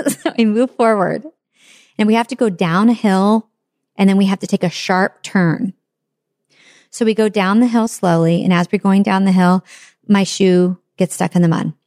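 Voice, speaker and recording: A middle-aged woman telling a funny personal story, self-mocking and animated, acting out her own reactions. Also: mid-range voice, normal speed, long pauses, dry recording, studio quality.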